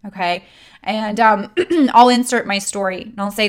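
A woman's voice: mid-range voice, fairly even intonation, measured pace, smooth. A woman giving a conversational coaching talk on handling sales objections, with frequent fillers and checks like "right?". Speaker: network marketing trainer.

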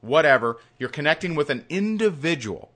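A man's voice: fairly high pitch, sing-song, moderate pace, a bit bright. A man instructing a recorded sales course in an emphatic, hyped and repetitive way.

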